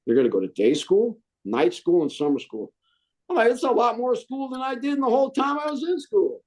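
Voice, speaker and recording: A middle-aged man, a Marine veteran, telling his story in an interview, animated and acting out the voices he quotes. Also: very high-pitched, fairly quick.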